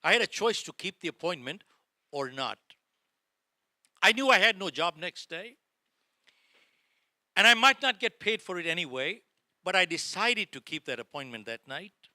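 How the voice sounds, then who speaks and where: A man's voice: high voice, sing-song, normal speed, pauses often, bright, forceful tone, dry recording, clean studio sound. A middle-aged man giving a motivational talk to a live audience, telling a story dramatically and acting out the dialogue. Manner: dramatic, addresses audience as folks, acts out dialogue. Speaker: motivational speaker. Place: lecture hall before a live audience.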